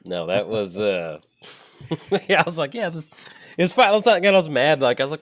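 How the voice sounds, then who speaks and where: Guy hosting a card game chat online, keeps laughing, acts out what he was thinking, really expressive. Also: a little high, brisk. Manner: laughing, animated storyteller, acts out his own thoughts. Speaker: host, commander player. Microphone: own mic on an online call.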